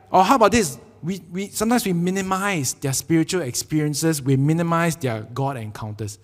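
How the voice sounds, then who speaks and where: A man preaching a sermon with a Singaporean English accent, telling jokey, animated stories and acting out quotes. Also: on the high side, fairly quick, big-room sound. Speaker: pastor. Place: church sanctuary.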